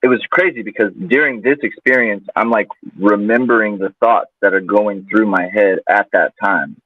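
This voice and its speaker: A man's voice: fairly low pitch, normal speed, dry recording. A man guest telling a personal story in a loose, casual way, full of fillers. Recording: tinny phone-like line, dry.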